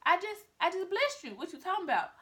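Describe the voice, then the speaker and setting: A suspicious old father, nearly blind, questioning in hesitant stops, as a woman tells it. The voice is high and bright. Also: very animated, quick pace, heavily acted.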